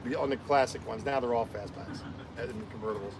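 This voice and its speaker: Chatty South Jersey man on the street, talks fast and tells stories; noisy outdoor recording. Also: mid-range voice. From South Jersey, USA. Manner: chatty storyteller, animated when quoting others. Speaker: citizen journalist vlogger. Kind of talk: casual chat outdoors. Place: outdoors on a city street at night with traffic.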